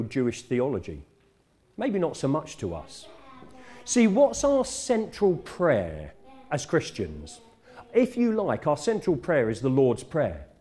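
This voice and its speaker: Mellow-voiced man preaching conversationally. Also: mid-range voice. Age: middle-aged. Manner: conversational, self-correcting, warm teaching tone. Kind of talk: sermon. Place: church.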